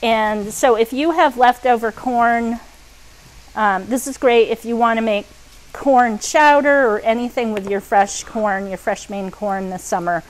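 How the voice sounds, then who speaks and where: This cooking show host speaks at a measured pace in a fairly high pitch, chatty and full of ums as she demonstrates a dish. She's miked up, and the low-quality audio picks up sizzling pans and clinking utensils.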